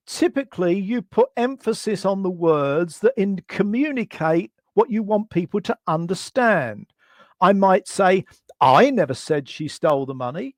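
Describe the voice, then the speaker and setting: A man's voice: high voice, no room sound. A man presenting a management webinar from a computer mic, working through numbered points and asking rhetorical questions. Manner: structured, rhetorical questions to the audience.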